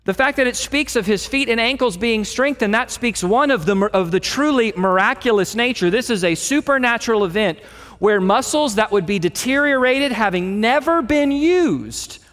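A man's voice: very high-pitched, expressive, normal speed, a bit bright. A man preaching an expository sermon, reading a passage and acting out its quoted lines with emphasis. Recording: long hall reverb.

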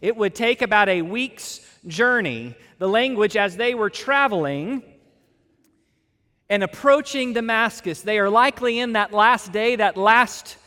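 A man's voice: sits high, animated, unhurried, sharp tone. A male pastor preaching an expository sermon, emphatic and stretching key words for weight. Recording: long reverb of a large hall.

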